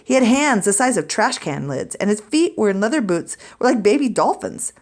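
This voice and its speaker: A woman teacher reads a chapter of a children's book aloud to her students, her storytelling clear and expressive. Her voice is mid-range and her pace moderate.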